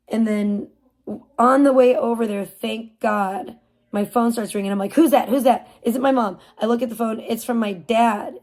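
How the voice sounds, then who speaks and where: A woman in her forties telling a long personal story on a live stream, rambling and animated, with lots of "like" and restarts. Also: on the high side, gravelly. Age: 40s. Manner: rambling, animated retelling with frequent "like". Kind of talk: casual storytelling.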